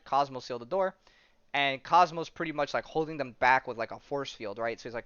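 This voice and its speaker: A man's voice: mid-range voice, fairly quick, fairly bright tone, smooth, no echo, lo-fi sound. A man hosting a podcast, rambling through a comic story in casual chat and acting out the characters' lines with lots of fillers. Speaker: podcast host.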